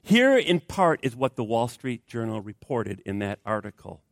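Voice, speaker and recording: A man's voice: medium pitch, sing-song, moderate pace, no echo, studio quality. A man preaching a sermon, telling a story with strong emphasis and speaking directly to his congregation. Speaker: pastor.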